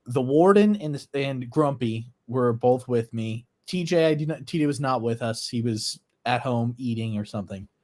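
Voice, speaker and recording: A man's voice: medium pitch, expressive, moderate pace, hardly any pauses, darkish tone. A young man co-hosting a casual podcast, telling a story in an easygoing, rambling way. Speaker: co-host.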